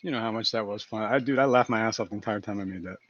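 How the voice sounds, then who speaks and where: A man's voice: on the low side, very fast, fairly bright tone, lo-fi sound, a little hiss or hum. A man hosting a casual live stream from his fish room, laughing at his own jokes. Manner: giggly, keeps cracking himself up. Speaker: fishkeeping livestream host.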